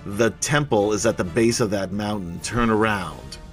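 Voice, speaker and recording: A man's voice: lowish voice, moderate pace, faint music behind, close to an everyday voice. A man voicing a brash, cocky young dragon rider who whines impatiently. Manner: whiny, impatient.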